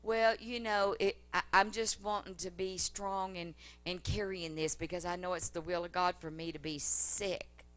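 A woman preacher voicing a meek elderly churchwoman, resigned to her illness, in a soft, hesitant acted quote within a sermon. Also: lowish voice, fairly even intonation, normal speed, hardly any pauses, voice pushed down, lightly acted.

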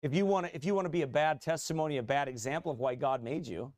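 A middle-aged man, a pastor preaching a fiery, combative sermon that rises to shouts. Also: fairly high pitch, fast, dry recording, studio quality. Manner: combative, mocking, repeats phrases, rising to shouts.

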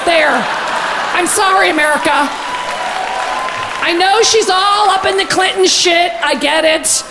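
A woman comedian doing stand-up, telling a gossipy story in a rapid, brash and profane way. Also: very high voice, in a large hall, a crowd in the background, background noise.

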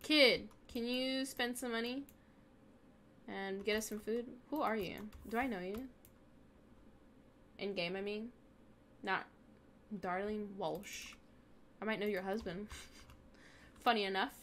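A woman's voice: mid-range voice, steady tone, slow, long pauses, a bit bright, slight background noise. A young woman hosting a gaming video, casually commenting on her play and scolding the game characters as she goes. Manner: chatty, talks back at the game characters.

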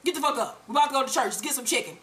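A woman's voice: high voice, expressive, racing. A woman doing a frantic cursing man. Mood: frantic pleading. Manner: pleading, cursing, rising to yells. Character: frantic man begging his dead girlfriend to wake up.

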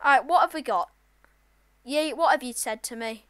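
A woman giving casual, excitable let's-play commentary with sudden loud outbursts. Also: high voice, normal speed. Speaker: gaming channel host.

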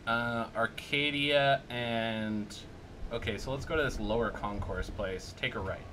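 A man's voice: medium pitch, measured pace, background noise. A Canadian man from British Columbia giving casual, joking, self-deprecating gameplay commentary as a streamer, with some swearing. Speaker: game streamer.

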